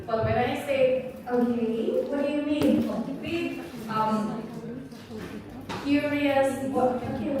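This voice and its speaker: A woman lecturer with an Indonesian accent teaching a live workshop, acting out examples with big swings of intonation. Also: fairly high pitch. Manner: slow, expressive, acts out examples with swinging intonation. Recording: echoey hall, voice from far off.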